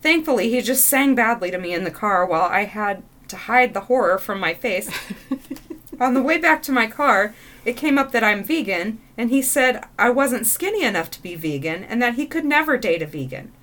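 Female co-host for read-aloud stories; bright tone, slightly high voice. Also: normal speed. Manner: expressive, laughs often. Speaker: co-host reading listener stories. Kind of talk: reading stories aloud with casual reactions.

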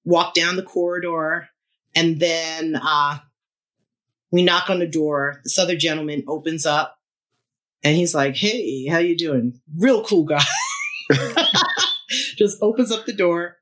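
A woman's voice: sits low, measured pace, pauses often. Musician lady in her 50s telling a story on an interview, lots of laughs, voices the other people. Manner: animated, laughs often, acts out quotes. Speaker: guest musician.

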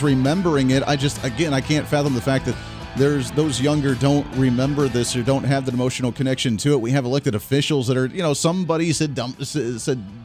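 A man hosting a political talk radio show, speaking in an emphatic, animated way that rises on key words. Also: medium pitch.

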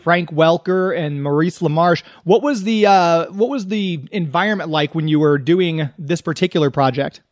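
Eager high-voiced male radio host. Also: normal speed, no echo. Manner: eager, enthusiastic fan, rambling questions. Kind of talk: interview hosting.

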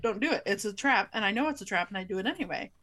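A woman's voice: medium pitch, animated, racing, fairly bright tone. Candid, self-deprecating woman chatting. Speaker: podcast co-host. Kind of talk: casual book-club chat.

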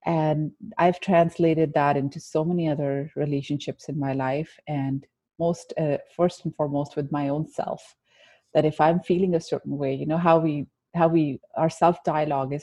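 A woman's voice: deep voice, fairly even intonation, normal speed, mellow, no room sound. A woman guest telling a personal story in an interview, earnest and reflective, with frequent restarts.

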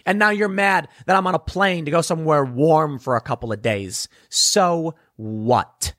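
A man's voice: a little high, fairly quick, fairly bright tone, dry recording, studio quality. A young adult man delivering a blunt, sarcastic solo commentary segment, scornful and ranting. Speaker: political commentator.

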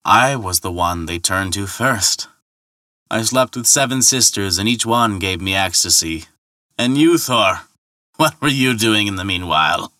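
A man voicing a sly, mocking old gray-bearded male ferryman who taunts with smooth, scathing words in a storybook telling. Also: lowish voice, lively intonation, unhurried, sharp tone, dry recording, studio quality. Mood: taunting. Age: older.

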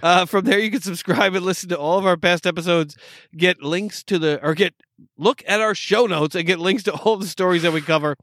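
A man with an upstate New York accent, co-hosting a casual podcast. His voice sits a bit high, and it is recorded close and dry. He jokes, laughs a lot and trips over restarts. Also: fairly quick, fairly bright tone, no echo. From New York State. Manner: jokey, laughs often, rambling restarts. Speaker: podcast co-host. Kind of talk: casual chat.

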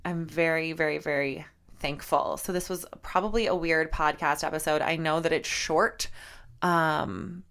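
A woman's voice: sits low, fairly even intonation, measured pace, vocal fry, fairly bright tone. A young woman hosting a casual solo podcast, heartfelt and gushing, teary and close to crying, with lots of repeated words and fillers. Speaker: podcast host and fitness instructor.

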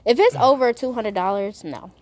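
A woman's voice: a little high, normal speed, darkish tone, no room sound. Frank young woman, podcast guest. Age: young adult. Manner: frank, emphatic opinions. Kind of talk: casual chat.

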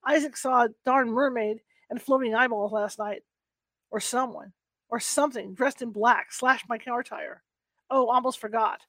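A woman with a fairly high voice reads a first-person novel aloud. She keeps a soft, unhurried pace and sometimes stumbles and restarts a word. The sound is close and dry. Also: steady tone, dry recording. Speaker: book reader.

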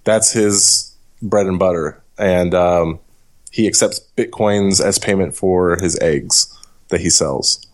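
A man's voice: deep voice, slow pace. A man co-hosting a podcast, talking loosely with lots of fillers. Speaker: podcast co-host. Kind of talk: casual podcast chat.

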